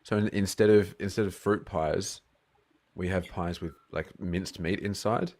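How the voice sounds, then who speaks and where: An Australian man with a notably low, deep voice, talking over a video call. He chats easily and jokes, and when a serious question comes he lays out his view in a steady, measured way. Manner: easygoing, joking, then measured when explaining. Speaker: guest. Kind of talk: casual Q&A conversation.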